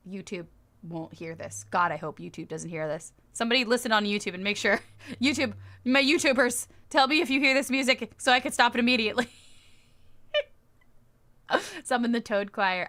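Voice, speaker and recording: A woman's voice: medium pitch, a bit bright. A woman livestreamer in casual chat who giggles often and answers her viewers' comments as she goes.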